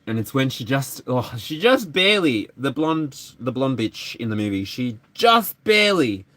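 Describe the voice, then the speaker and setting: A man's voice: medium pitch, big pitch swings, normal speed, fairly bright tone. A man giving a live tarot energy reading, chatty and playful. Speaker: tarot reader.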